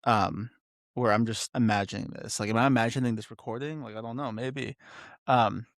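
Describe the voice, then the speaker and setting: A man's voice: mid-range voice, fairly even intonation, normal speed, no echo, studio quality. A young man hosting a solo podcast, rambling and interrupting himself with lots of fillers. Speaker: podcast host.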